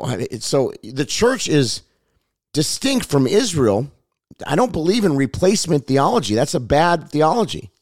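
Hoarse middle-aged pastor, fervent and repetitive, slightly high voice, very dry sound. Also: male voice, dry recording. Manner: fervent, repetitive, prays aloud. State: hoarse, raspy voice. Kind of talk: sermon and prayer.

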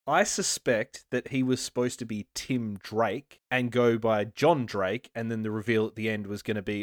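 Man, casual podcast chat, dry close sound, mid pitch. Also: steady tone, measured pace, dry recording. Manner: chatty, swears casually, rattles off film trivia. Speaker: podcast co-host.

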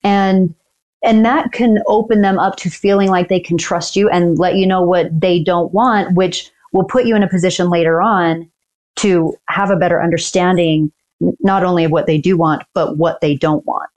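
A woman, a dental attorney, explaining negotiation tactics in an earnest, measured way as an interview guest. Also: lowish voice, fairly even intonation, a little mellow. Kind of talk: casual interview talk.

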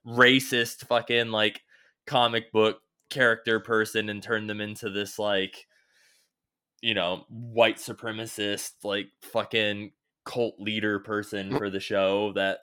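A man's voice: lowish voice, level tone, slow, sharp tone, clean tone. A man co-hosting a podcast in casual chat, rambling with constant filler words and casual swearing. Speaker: podcast co-host. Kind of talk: casual chat recapping a TV show.

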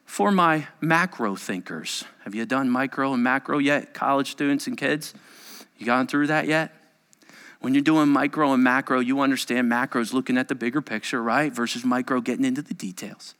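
A male pastor preaching a sermon dramatically, moving between loud urgency and hushed near-whispers. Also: medium pitch, moderate pace, clean tone, big-room sound.

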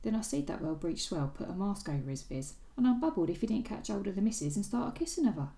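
A woman's voice: medium pitch, sing-song, fast, vocal fry, warm tone, reverberant, voice pushed up. Woman doing a cheeky Cockney servant boy. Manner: thieves' cant, sulky and defensive. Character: scrappy young male servant boy, cheeky thief. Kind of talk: reading aloud from a novel.

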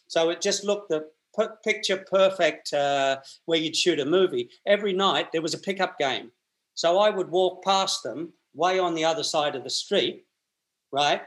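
This is a man in his sixties, speaking as a guest in an interview. His voice sits a little high for a man. He talks in a loose, colloquial storytelling way, with frequent restarts and repeated words. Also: moderate pace, a bit bright. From Australia.

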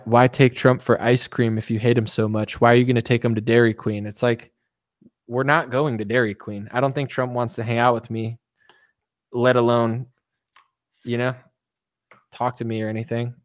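A man's voice: mid-range voice, little pitch movement, moderate pace, pauses often, no echo, clean studio sound. A man vlogging a sarcastic, rambling satirical comedy monologue to his viewers.

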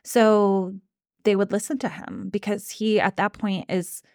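A woman co-hosting a podcast in casual chat, telling a story with casual swearing and animated quoting. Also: medium pitch, measured pace, dry recording, clean studio sound. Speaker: podcast co-host.

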